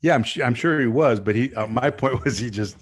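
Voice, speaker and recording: A football coach co-hosting a sports podcast, telling stories in a laid-back, easygoing way. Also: male voice, mid-range voice, fairly quick. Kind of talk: casual sports chat.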